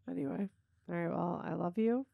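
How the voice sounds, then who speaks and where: A woman's voice: lowish voice, vocal fry, dry recording, phone-quality sound. A woman hosting a podcast, telling family stories in a casual chat and laughing often. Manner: laughs often, chatty storytelling. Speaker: podcast host.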